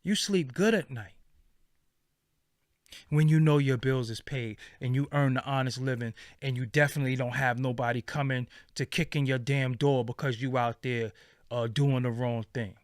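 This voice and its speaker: A man's voice: mid-range voice, normal speed, dry recording, studio quality. A middle-aged man in an impassioned, profane rant to his viewers, repeating phrases for stress. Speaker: vlogger.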